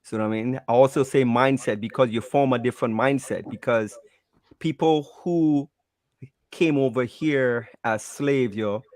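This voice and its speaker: A man's voice: medium pitch, a little slow, dry recording. Man, casual stream chat, laid-back, lots of "yo", dry sound. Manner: relaxed, peppers speech with "yo" and "I mean". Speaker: panelist.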